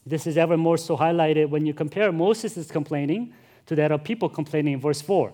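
A man's voice: on the high side, steady tone, a little fast, mellow. Earnest male pastor preaching. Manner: earnest, emphatic, addresses congregation directly. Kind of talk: sermon.

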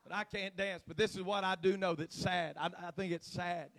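A man preaching a sermon in church, dropping into low, chatty asides and rising to loud, shouted exhortation. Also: fairly even intonation. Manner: swings from low conversational talk to shouted, drawn-out exhortation.

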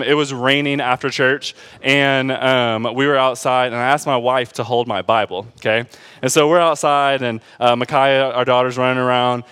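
Male pastor, fairly high voice, casual preaching style, jokes, constant "right?" check-ins. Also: fairly bright tone, clean tone. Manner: keeps asking the congregation "right?" and "okay?"; informal and joking, with asides to the congregation. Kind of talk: conversational sermon.

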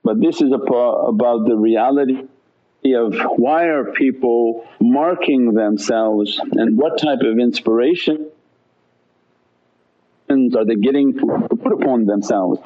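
A man teaching on spiritual matters and answering questions, calm and unhurried, with Arabic devotional phrases throughout. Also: mid-range voice, phone-quality sound. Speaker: Sufi teacher. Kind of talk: religious talk answering questions.

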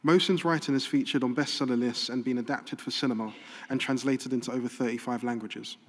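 A man's voice: mid-range voice, fairly even intonation, fairly quick. Man reading formal stage introductions. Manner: formal, list-like delivery. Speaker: event host. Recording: reverberant hall mic.

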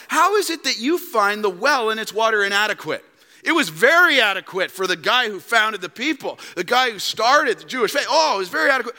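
A man preaching a sermon as pastor, emphatic, dropping to quiet rhetorical questions. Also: high voice, big pitch swings, moderate pace. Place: church. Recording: long reverb in a church hall.

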